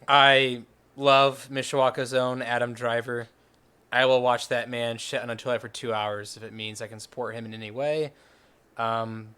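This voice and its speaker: A man co-hosting a movie podcast in casual chat, friendly and trailing off quietly. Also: medium pitch, smooth. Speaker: podcast co-host.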